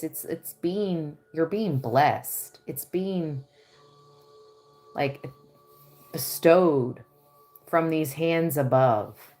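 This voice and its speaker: A woman giving a tarot reading on a livestream, dreamy and excitable, often breaking into giggles. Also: deep voice. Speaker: tarot reader.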